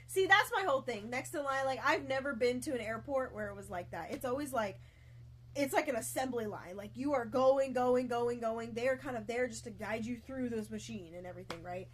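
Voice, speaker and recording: Rambling young woman streamer, high voice. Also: brisk, a bit bright, slight background noise. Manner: rambling tangents, lots of fillers, self-mocking. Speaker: streamer reading a book. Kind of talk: casual livestream reading and reacting.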